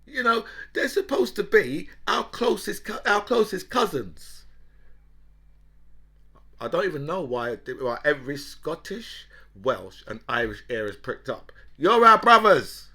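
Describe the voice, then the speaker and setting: A man's voice: on the high side, sing-song, unhurried, bright, forceful tone, husky. A man delivering an angry, sarcastic political rant, constantly checking in with "right?" and mocking his opponents. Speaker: political commentator.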